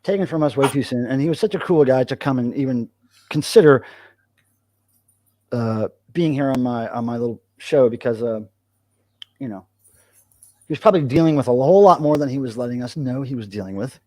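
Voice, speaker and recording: An American man hosting a casual live chat, talking in a rambling, animated way. His voice sits at an ordinary middle pitch. The sound is dry and close to the mic. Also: brisk, pauses often, no room sound. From United States. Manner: rambling, animated, talks to his cat in a soft baby voice. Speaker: livestream host.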